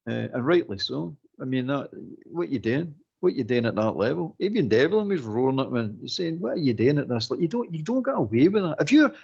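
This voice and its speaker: Gravelly Scottish man ranting about football. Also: mid-range voice, a little fast, dull audio. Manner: animated, exasperated ranting with laughs. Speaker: co-host of a fan phone-in. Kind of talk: casual football chat.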